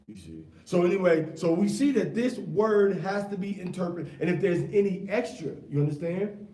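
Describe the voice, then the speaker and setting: Slangy, animated male Bible teacher. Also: high voice, moderate pace. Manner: animated, slangy, quizzes the class with rhetorical questions. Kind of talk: informal scripture class teaching. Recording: echoey room, mic far off.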